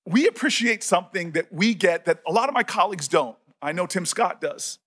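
Emotional, halting man with a high voice. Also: expressive, fairly bright tone, slightly rough. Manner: emotional, halting, repeats words. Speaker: senator. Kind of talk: emotional speech at a hearing.

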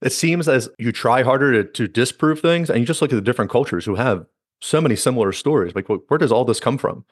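A man's voice: mid-range voice, lively intonation, fast talker, husky, dry recording, clean studio sound. A man hosting a podcast, talking in a rambling, casual way with many fillers. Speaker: podcast host. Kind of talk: casual conversation.

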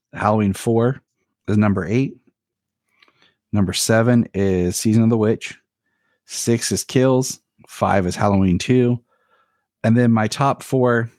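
Male podcast guest, low voice, dry sound, plain and matter-of-fact. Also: a little mellow, no room sound. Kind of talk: casual podcast chat.

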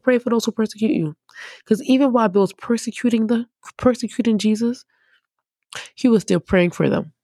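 Animated woman preacher teaching casually. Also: medium pitch, dry recording, studio quality. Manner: animated, conversational, emphatic.

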